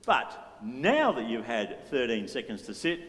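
A man's voice: mid-range voice, big pitch swings, a little slow, fairly bright tone, slightly rough. A man leading a church service in a playful, joking way, coaxing the congregation to join in. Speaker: worship leader. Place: church hall. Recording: reverberant church hall with faint music.

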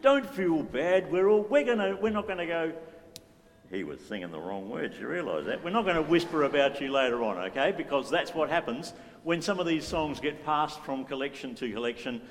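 A man's voice: fairly high pitch, brisk, few pauses. A man leading a church service in a playful, joking way, coaxing the congregation to join in. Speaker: worship leader. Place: church hall. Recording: reverberant church hall with faint music.

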